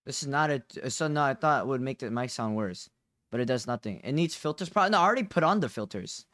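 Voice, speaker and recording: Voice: mid-range voice, lively intonation, fast talker, a bit bright, no room sound. A live streamer chatting casually with viewers, restless and questioning, dropping bro and dude often, on a close condenser mic at a home setup. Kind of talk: casual livestream chat to viewers. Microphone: condenser desk mic, close.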